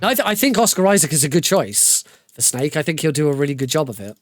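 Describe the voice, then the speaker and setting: A man's voice: fairly high pitch, sing-song, quick pace, no room sound. A man giving casual, joking live commentary while playing through a video game speedrun. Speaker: speedrunner streamer. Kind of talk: live commentary over gameplay.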